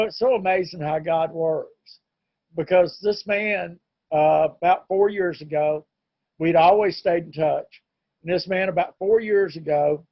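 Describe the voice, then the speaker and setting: Earnest man with a husky voice. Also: a little high, dry recording, muffled recording. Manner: earnest, plain-spoken, candid. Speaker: recovery meeting speaker. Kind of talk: personal testimony talk. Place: home, online meeting.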